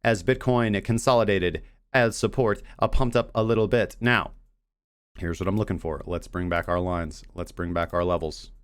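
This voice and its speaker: Low-pitched and moderately paced, the host's clean voice carries no room sound at all. He's doing casual livestream trading commentary on his crypto show, bluntly reading charts and mocking analysts who won't commit.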